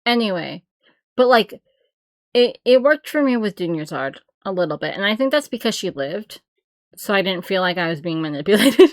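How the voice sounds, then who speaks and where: A woman's voice: medium pitch, animated, moderate pace, no room sound. A woman streamer giving blunt, rambling reaction commentary, often laughing and cutting herself off. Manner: blunt, opinionated. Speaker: streamer reacting to game trailers.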